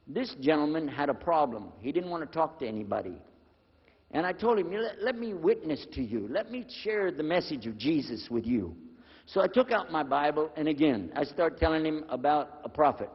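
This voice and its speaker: Husky older man telling a story in a hall. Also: a little high. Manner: animated storyteller acting out dialogue. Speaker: speaker telling his conversion story. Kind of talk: storytelling talk to an audience. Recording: dull lo-fi recording with long hall reverb.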